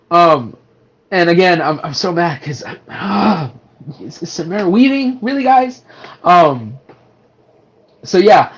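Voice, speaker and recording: Rambling man on a dull lo-fi mic. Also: on the high side. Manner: rambling, lots of restarts and swearing. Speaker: podcast co-host. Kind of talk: casual movie review chat.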